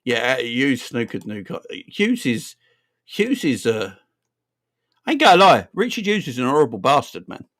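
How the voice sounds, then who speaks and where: A young man from England hosting a fan live stream, animated and laughing, with lots of slang and repetition. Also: mid-range voice, moderate pace. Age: young adult. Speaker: fan channel host. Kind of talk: casual live-stream chat.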